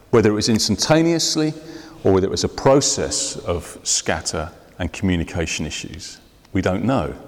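A man preaching, his voice swinging widely from high to low as he drives points home and slows for weight. His words ring out with a long hall reverb around them. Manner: preaching with sweeping rises and drops, slowing for emphasis. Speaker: pastor. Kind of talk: sermon. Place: church hall.

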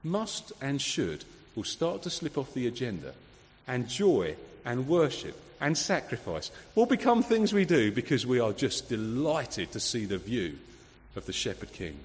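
Guy giving a sermon, chatty, asks the congregation lots of questions, big pitch swings, echoey hall. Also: measured pace. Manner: lively, conversational preaching with rhetorical questions. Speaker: preacher. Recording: long hall reverb.

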